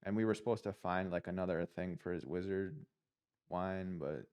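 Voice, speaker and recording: A man's voice: low voice, moderate pace, darkish tone, clear, resonant tone. A man playing a tabletop game casually, hesitant and full of fillers. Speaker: player.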